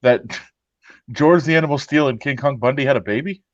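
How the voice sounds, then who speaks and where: A man's voice: mid-range voice, moderate pace, no room sound, lo-fi sound. A man co-hosting a podcast, chatting casually with a laid-back, wry manner. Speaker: podcast co-host. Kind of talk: casual chat.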